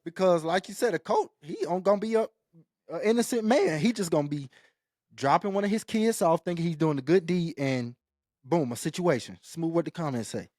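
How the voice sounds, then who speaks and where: A man co-hosting a casual podcast, talking in halting bursts and restarting his words. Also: fairly high pitch, animated, a little mellow, no echo, clean studio sound. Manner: halting, stumbles and repeats words. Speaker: co-host.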